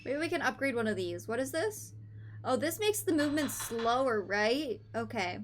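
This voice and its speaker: A woman's voice: fairly high pitch, big pitch swings, normal speed, slight background noise. A young woman streaming a game, chatting casually in a playful, giggly way. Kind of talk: casual gaming stream chat.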